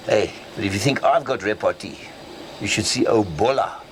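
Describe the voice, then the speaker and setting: An actor playing a boastful, joking petrol station owner, full of chuckling bluster. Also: male voice, lowish voice, normal speed, slight background noise, natural voice, poor audio. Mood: cocky, jokey. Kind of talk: sitcom acting.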